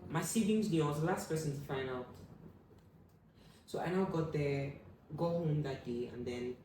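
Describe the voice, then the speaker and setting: Young woman guest telling a story, mellow voice, acts out quotes, far off mic in a really echoey room. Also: moderate pace, a little hiss or hum. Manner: animated, acts out quoted voices with sudden loud high bursts. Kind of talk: personal storytelling in an interview.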